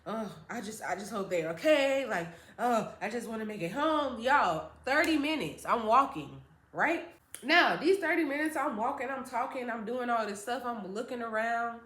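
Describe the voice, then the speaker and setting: A high-voiced woman telling a storytime to her viewers, animated and slangy, often calling out to them directly. Her voice rings with a roomy echo. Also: moderate pace. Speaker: vlogger. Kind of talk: casual storytime.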